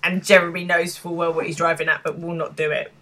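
A woman's voice: on the low side, little pitch movement, quick pace, pushed and bright. A woman co-hosting a podcast, chatting casually about a TV episode and acting out lines from its scenes. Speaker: podcast co-host. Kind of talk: casual chat recapping a TV episode.

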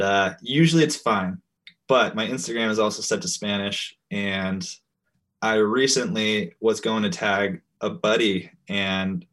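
A man's voice: lowish voice, a bit bright. A man co-hosting a podcast, telling stories in an easygoing, self-deprecating way. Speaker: podcast co-host. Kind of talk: casual chat.

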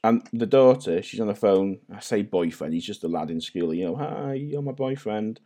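A man in his forties with a North Welsh accent that leans Scouse, talking in a fairly low voice. He chats as a podcast guest over a video call and tells rambling, self-deprecating stories. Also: fairly quick, dark tone. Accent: North Welsh with a Scouse-like twang. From North Wales. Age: 40s. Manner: chatty, self-deprecating storyteller. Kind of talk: casual chat.

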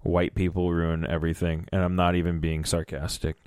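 A man's voice: low-pitched, level tone, fairly quick, darkish tone, clear, resonant tone, no room sound, clean studio sound. A man co-hosting a podcast, joking and egging on his partner in casual chat. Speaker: podcast co-host.

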